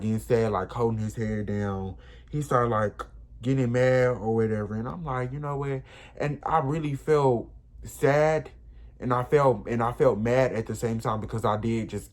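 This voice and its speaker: A young man in a casual storytime vlog, retelling events in an emotional, rambling way. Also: medium pitch. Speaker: vlogger.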